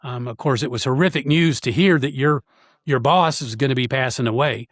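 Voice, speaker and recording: A man of medium pitch tells a painful personal story as a podcast guest. He speaks earnestly and haltingly, filling the gaps with pauses and fillers. The recording is dry and close. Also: dry recording.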